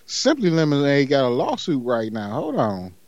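A man's voice: medium pitch, huge pitch swings, normal speed, darkish tone, no echo, muffled recording. A man co-hosting a podcast, chatting casually and teasing, stretching out long words syllable by syllable. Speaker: podcast co-host. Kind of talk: casual comedic chat.

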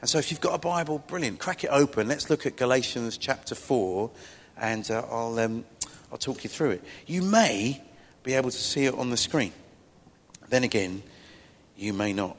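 A man's voice: medium pitch, lively intonation, moderate pace. A middle-aged man preaching a sermon as a pastor, telling stories in a chatty, self-deprecating way with asides to the congregation. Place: church. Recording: long church-hall reverb.

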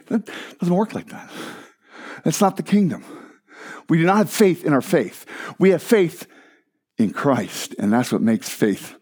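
A male pastor preaching a sermon in an animated, joking way, sometimes mimicking other voices. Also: a little high, measured pace, long pauses.

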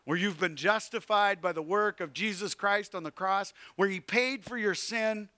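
A man preaching a sermon, swinging between loud calls and hushed, quiet passages. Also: high voice, normal speed, no room sound. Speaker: pastor.

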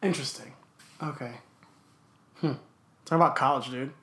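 A woman's voice: extremely low pitch, normal speed, fairly bright tone. A woman interviewing a guest in casual talk, blunt and joking, swearing freely. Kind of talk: casual conversation.

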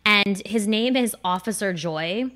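A woman's voice: medium pitch, unhurried. A woman from New Jersey, a comedian guest telling a story on a casual podcast and acting out the quoted voices. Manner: animated, acts out quoted voices.

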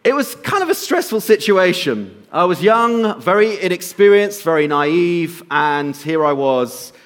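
A man giving a sermon and telling a personal story, slowing to soft emphasis at times and lifting his voice at others. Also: sits high, very animated. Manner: storytelling, shifts between soft slow emphasis and raised bursts. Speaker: pastor.

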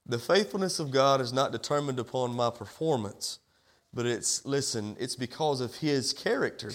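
A man's voice: medium pitch, lively intonation, moderate pace, fairly bright tone. A male pastor delivering a sermon in a church, with a repetitive preaching cadence and rhetorical questions. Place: church sanctuary.

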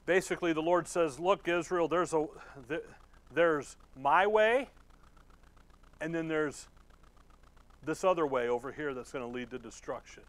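A man preaching a sermon in a casual, folksy way. His voice sits fairly high for a man. He laughs often and slows right down when he reads scripture aloud. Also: a bit bright. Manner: reads scripture slowly and deliberately. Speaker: pastor.

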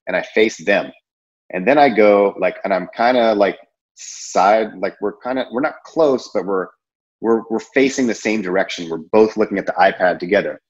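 A man's voice: lowish voice, lo-fi sound. A man giving a casual sales training talk, rambling and conversational with many fillers and restarts. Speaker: insurance sales presenter.

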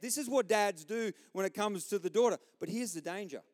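A middle-aged man preaching a sermon as a pastor, impassioned, swinging between loud outbursts and quiet asides. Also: sits high, a little fast, in a large hall.

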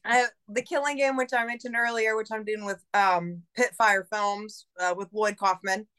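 A woman's voice: mid-range voice, steady tone, normal speed, a bit bright, clear, resonant tone. A woman guest on a podcast, talking casually and rambling, swearing a lot and saying "like" constantly. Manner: profane, rambling, heavy use of "like". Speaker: podcast guest, independent filmmaker.

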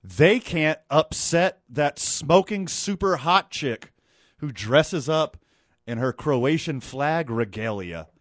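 A man chatting casually about soccer, recounting the game in an animated, excitable way with quick asides. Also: on the high side, dry recording. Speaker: co-host. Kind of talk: casual sports chat.

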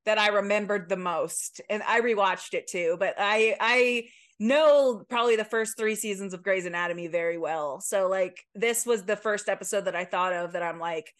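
A woman's voice: mid-range voice, moderate pace, hardly any pauses, fairly bright tone. A young woman co-hosting a podcast over a remote call, chatting casually, swearing now and then and restarting her sentences. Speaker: podcast co-host. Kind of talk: casual chat.

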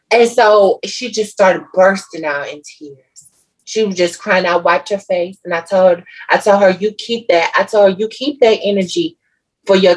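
A woman co-hosting a podcast, telling a personal story in casual chat with a lively, emotional, slangy manner. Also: medium pitch, husky, poor audio. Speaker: podcast co-host.

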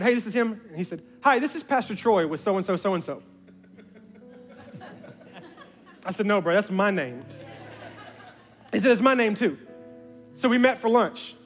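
Man, pastor, high voice, animated sermon storytelling, faint background music. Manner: animated, acts out dialogue with rising excitement.

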